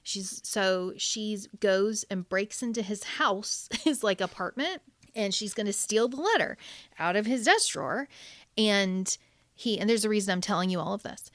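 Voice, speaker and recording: A woman, co-hosting a casual book podcast and retelling a plot in a rambling, animated way. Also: mid-range voice, normal speed, no echo. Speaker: podcast co-host.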